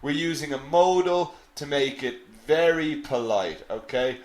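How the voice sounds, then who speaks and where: A male English teacher leads a live online lesson and answers viewers' questions as they come in. He talks slowly and patiently, repeating phrases so they sink in. His voice carries some echo from the room. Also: on the high side, animated. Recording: echoey room.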